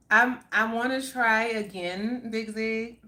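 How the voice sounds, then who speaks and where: With a fairly high, bright voice and a forceful tone, a middle-aged woman hosts a live stream, chatting and reading viewer comments aloud. She laughs often and keeps her delivery chatty, unhurried, and drawn out.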